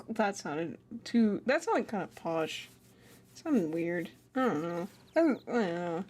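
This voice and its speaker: A woman's voice: lowish voice, big pitch swings, slow, darkish tone. A woman streaming a game, giggly and self-deprecating as she reads the lines aloud. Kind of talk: let's play commentary.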